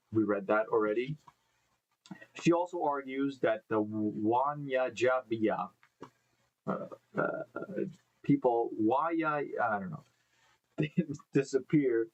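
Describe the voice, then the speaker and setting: In an indoor room with live beehives, a host with a medium-pitched voice runs a casual live stream. He reads news stories aloud, tripping over names and breaking off to think aloud, and the recording is muffled.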